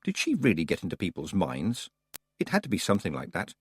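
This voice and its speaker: A man narrating a fantasy audiobook with expressive, wry storytelling. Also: low-pitched, fast talker, breathy edge. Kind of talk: scripted narration.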